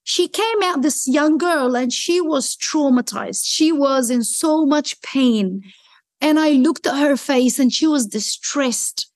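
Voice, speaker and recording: A woman sharing a faith story in an interview, animated and excitable, acting out both sides of each conversation. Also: slow, no room sound. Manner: excitable, acts out dialogue with rising pitch. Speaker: guest sharing a faith testimony.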